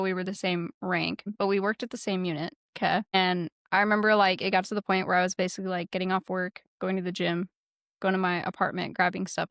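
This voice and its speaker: A woman co-hosting a podcast, telling stories casually, profane and animated. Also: mid-range voice, no room sound, studio quality. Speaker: podcast co-host.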